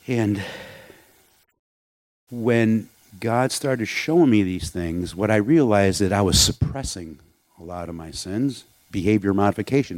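A man's voice: lowish voice, a little mellow, dry recording. A man preaching a sermon in a candid, conversational way, with asides and rhetorical questions. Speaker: pastor.

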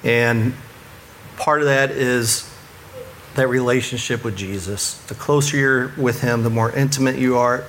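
A man's voice: mid-range voice, steady tone, a little slow, a bit bright, slight background noise. A man who works with churches, giving earnest, conversational faith advice and chuckling at himself now and then. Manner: earnest, self-deprecating, chuckles at his own stories. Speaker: church ministry worker.

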